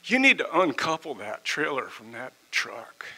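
Impassioned preacher with a bright, gravelly voice. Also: male voice, medium pitch, big pitch swings, unhurried, rough recording. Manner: impassioned, swings from loud emphasis to hushed tones. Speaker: pastor. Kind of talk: sermon.

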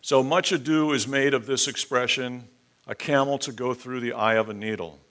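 A man preaching with a bright, forceful voice at a middle pitch. He reads scripture and then explains it in a measured, deliberate sermon. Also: steady tone. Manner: soft, low-voiced prayer. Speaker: pastor. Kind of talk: sermon with scripture reading and prayer.

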